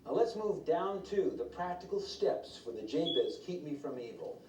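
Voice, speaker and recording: A man's voice: a little high, normal speed. Man preaching, tells stories and does voices, sounds far off in a big echoey room. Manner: storytelling, quotes others in lively changing voices. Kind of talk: sermon. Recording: roomy echo, from far off the mic, faint noise.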